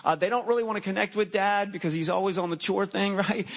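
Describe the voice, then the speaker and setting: Male pastor, high voice, animated sermon storyteller, dull lo-fi sermon recording. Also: a little fast. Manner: animated storytelling, acting out his own reactions. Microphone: handheld microphone.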